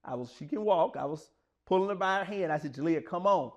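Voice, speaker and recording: A man's voice: sits high, lively intonation, fairly quick, dull audio. A man, telling personal stories in an earnest, plain-spoken, conversational way to motivate listeners. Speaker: speaker sharing personal stories. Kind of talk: motivational storytelling monologue.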